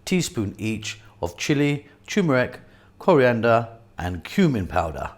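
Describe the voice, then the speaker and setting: A middle-aged man with a London accent who hosts a cooking channel. He gives calm, step-by-step instructions while demonstrating a recipe. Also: medium pitch, measured pace.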